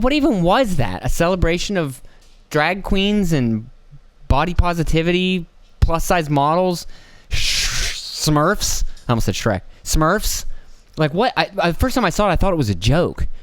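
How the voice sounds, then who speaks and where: Profane rambling man, smooth dry voice. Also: a little high, no room sound. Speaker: podcast host. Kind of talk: casual solo monologue. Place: at home.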